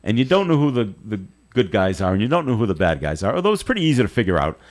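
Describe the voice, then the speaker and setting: A male radio host telling a long, animated story in a casual on-air chat, often restarting his sentences. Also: on the low side, racing. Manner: rambling, animated anecdote with frequent restarts. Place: radio studio.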